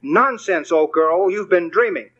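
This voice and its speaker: A man's voice: high voice, expressive, unhurried, dull audio, background noise. A man doing a sleepy, mumbling old colonel. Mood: dismissive. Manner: mumbling, dismissive.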